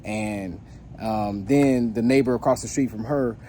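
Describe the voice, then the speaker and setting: A man who trains dogs, casually telling a story to his viewers in a relaxed, rambling way, full of fillers and restarts. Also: on the low side, measured pace, slight background noise. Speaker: dog trainer.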